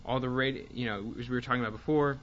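A man teaching a Bible class, speaking haltingly with fillers and restarts and reading passages aloud with more force. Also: medium pitch, steady tone, fairly bright tone, lo-fi sound, slight background noise.

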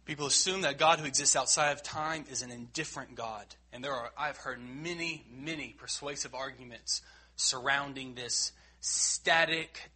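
A man preaching a sermon in an earnest, emphatic way, rising loud and dropping quiet. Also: mid-range voice.

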